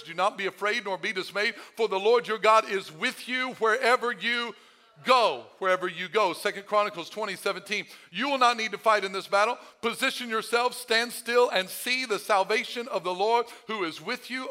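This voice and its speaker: A male pastor preaching with a high, bright, ringing voice. He moves between fervent, near-shouted calls and calm, low-key explanation. The delivery is animated and earnest. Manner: swings from fervent shouting to quiet teaching. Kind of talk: sermon.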